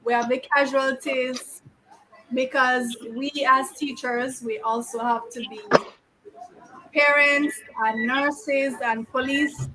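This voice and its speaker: A high-voiced woman teacher, speaking at an unhurried pace. She chats casually with her pupils in a classroom, teasing them playfully with question after question. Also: pushed and bright, slight background noise, rough recording.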